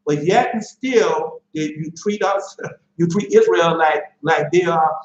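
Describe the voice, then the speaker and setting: High-voiced man preaching in an echoey room. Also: slow, highs cut off. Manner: emphatic, rises to shouts, asks rhetorical questions. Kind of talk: sermon reading scripture with commentary.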